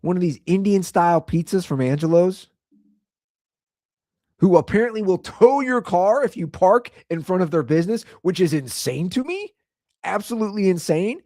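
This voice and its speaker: Animated ranting male podcast host. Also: on the high side, fairly quick, no room sound, studio quality. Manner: animated ranting with rhetorical questions. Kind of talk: solo ranting talk show.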